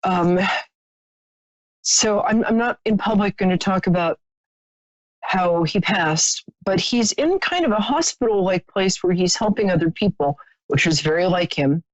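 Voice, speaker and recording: A woman's voice: fairly low pitch, expressive, a little slow, no room sound, rough recording. A woman hosting a live stream, chatting sympathetically with a caller as she gives a psychic reading, with many fillers and restarts.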